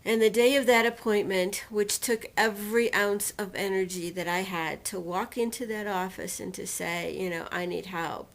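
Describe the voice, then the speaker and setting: A woman recounting a painful personal experience in a storytelling manner, slowly and deliberately, acting out what was said to her. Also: mid-range voice, steady tone, gravelly. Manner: emotional retelling, quotes others and herself dramatically. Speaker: personal testimonial speaker.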